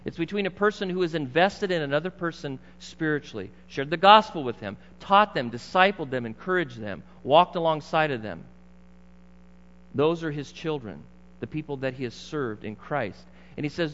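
Middle-aged male pastor, slightly high voice, emphatic conversational sermon, muffled recording with long hall reverb. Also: lively intonation, moderate pace, fairly bright tone. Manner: conversational, emphatic preaching with asides to the congregation.

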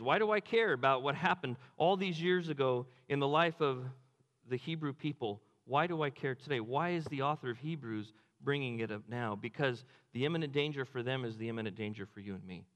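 A male pastor tells a story from the pulpit and keeps turning it into rhetorical questions. His voice sits a little high for a man. It rings through a church with a long reverb. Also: fairly bright tone. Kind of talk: sermon.

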